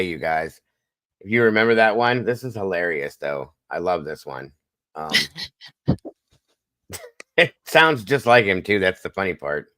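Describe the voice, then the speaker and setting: Deep-voiced man hosting a casual stream. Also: a bit bright, dry recording. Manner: rambling, lots of fillers. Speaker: morning show host. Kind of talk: casual livestream chat.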